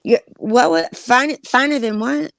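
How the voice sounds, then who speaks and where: A woman's voice: on the high side, expressive, normal speed, creaky, dry recording. A woman co-hosting a casual live-stream panel, playful and teasing, often laughing.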